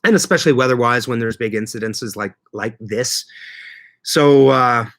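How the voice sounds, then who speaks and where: A man hosting a relaxed livestream chat, his voice bright and forward. He rambles in an easygoing way, chuckles often and calls out viewers by name. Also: mid-range voice, normal speed. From Canada. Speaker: livestream host.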